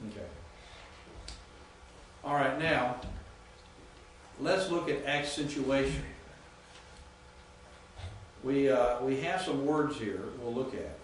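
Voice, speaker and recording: A man teaching a class, speaking haltingly, repeating words and quizzing students as he goes. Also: medium pitch, slight background noise. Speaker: Greek teacher. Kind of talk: classroom lecture. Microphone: distant room mic. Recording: echoey classroom from far off.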